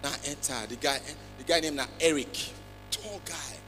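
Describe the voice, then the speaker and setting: A man with a Nigerian accent doing a stand-up comedy routine on a big festival stage, switching between Pidgin and English with loud acted outbursts. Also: on the high side, normal speed. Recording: long hall reverb, faint music.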